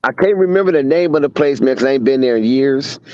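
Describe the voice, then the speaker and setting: A man chats in a laid-back way and his stories drift through asides. His pitch sits in the middle range. The sound is dry and a bit dull, like a lo-fi recording. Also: expressive, fast talker, mellow, no echo. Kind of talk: casual chat.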